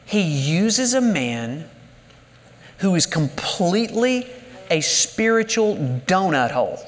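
Animated high-voiced man preaching in a hall. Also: takes it slowly. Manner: animated preaching with rhetorical questions. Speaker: pastor. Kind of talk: sermon.

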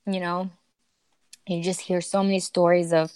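A woman's voice: on the low side, level tone, unhurried, creaky, darkish tone, no room sound. A young woman, a podcast guest, telling a personal story in a chatty way, often quoting herself.

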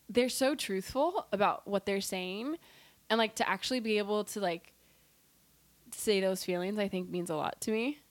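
A woman's voice: mid-range voice, no room sound. Chatty laid-back woman, dry close sound. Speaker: guest. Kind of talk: casual chat.

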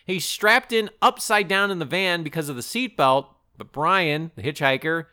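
A man co-hosting a comedy podcast, recapping a story with animated delivery and putting on voices for the characters. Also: a little high, moderate pace, smooth. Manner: animated storytelling, acts out characters, swears freely. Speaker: podcast co-host. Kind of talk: casual comedic plot recap.

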